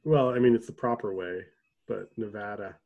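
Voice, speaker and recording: A man co-hosting a casual podcast chat, rambling with restarts and throat clearing. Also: mid-range voice, moderate pace, highs cut off. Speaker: podcast co-host.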